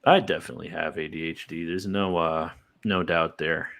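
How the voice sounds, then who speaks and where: A man's voice: deep voice, steady tone, moderate pace, vocal fry, fairly bright tone, slight background noise. A young man telling stories in a rambling way, full of fillers and laughs, as a podcast host. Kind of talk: casual chat.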